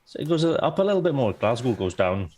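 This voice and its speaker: A man's voice: medium pitch, sing-song, a little fast, a loud crowd. A man playing the ship's doctor in an online tabletop game, joking and wry in casual chat. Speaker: player, ship's doctor character.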